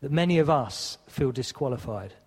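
A man's voice: medium pitch, lively intonation, moderate pace, darkish tone, slightly rough. Earnest male preacher in a reverberant hall. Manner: earnest, acts out quoted dialogue with shifting volume. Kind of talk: sermon. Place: church hall.

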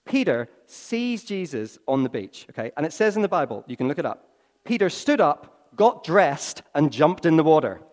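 A man preaching a sermon, telling stories with swings from hushed to excited. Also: fairly high pitch, moderate pace. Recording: long reverb of a large hall.

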